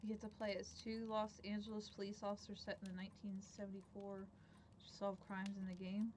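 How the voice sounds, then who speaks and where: A woman's voice: medium pitch, monotone, fairly quick, darkish tone, slight background noise. Chatty young woman streaming a game. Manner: chatty, thinks aloud, often drops to mutters. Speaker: livestreamer playing a game. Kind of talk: casual gameplay commentary.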